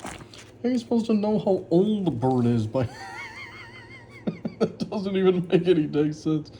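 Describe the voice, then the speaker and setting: A man reads over his old story in a relaxed, self-mocking way, laughing at his own writing. His voice sits a little high, yet its tone is very dark and mellow. His pitch swings widely as he jokes. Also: moderate pace, slight background noise. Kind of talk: casual reaction commentary.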